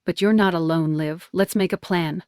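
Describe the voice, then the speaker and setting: A woman's voice: fairly low pitch, fairly even intonation, moderate pace, darkish tone, clear, resonant tone, no echo, clean studio sound, natural voice. A woman reading the part of a firm, reassuring female friend. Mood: supportive. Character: supportive loyal female friend.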